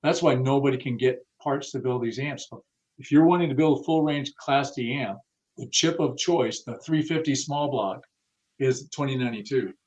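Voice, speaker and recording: A man's voice: mid-range voice, moderate pace, darkish tone, muffled recording. A man being interviewed about the car audio industry, talking bluntly and casually with some cursing and acting out the people he quotes. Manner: blunt, profane, acts out quoted dialogue.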